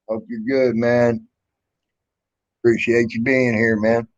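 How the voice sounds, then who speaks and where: Blunt, profane livestream host. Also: male voice, medium pitch, level tone, takes it slowly, long pauses. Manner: blunt, profane, rambling with fillers. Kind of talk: casual livestream chat. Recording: dull lo-fi stream audio.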